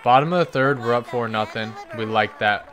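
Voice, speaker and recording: A man giving excited game commentary as a gaming YouTuber, hyped and cheering players on by name. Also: medium pitch, brisk, faint music behind, some chatter behind.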